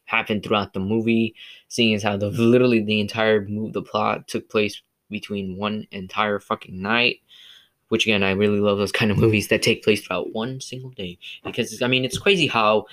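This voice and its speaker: A man's voice: lowish voice, a bit bright. Rambling male podcast host. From California. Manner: rambling, many fillers and restarts. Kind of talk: casual solo movie review podcast.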